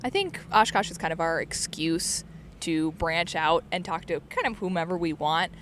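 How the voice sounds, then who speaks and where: A woman's voice: on the low side, lively intonation, moderate pace, a bit bright, a little hiss or hum. A young woman co-hosting a podcast, chatting in a friendly, playful, self-deprecating way. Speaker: podcast co-host. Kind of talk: casual podcast chat.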